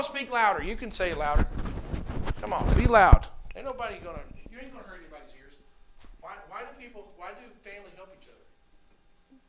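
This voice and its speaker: Man, church class teacher, animated and coaxing, slight noise behind. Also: high-pitched. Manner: coaxing, asks questions over and over. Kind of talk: children's catechism class.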